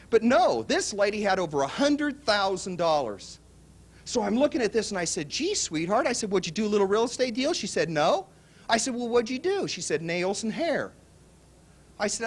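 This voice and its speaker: A man giving a motivational real estate seminar pitch to a live audience, telling stories and acting out both sides of the dialogue. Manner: animated storytelling, acts out both sides of dialogue. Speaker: seminar speaker.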